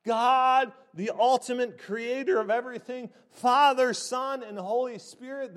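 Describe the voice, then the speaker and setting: A man preaching a sermon in an emphatic, deliberate way, stressing key words. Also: very high-pitched.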